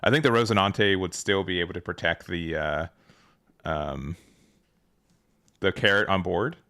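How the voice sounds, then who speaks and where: A man with a fairly low voice gives relaxed play-by-play of a card game match. He hedges his calls and trips over his own sentences as he thinks aloud. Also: unhurried, vocal fry. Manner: relaxed, hedging, frequent fillers and restarts. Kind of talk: casual match commentary.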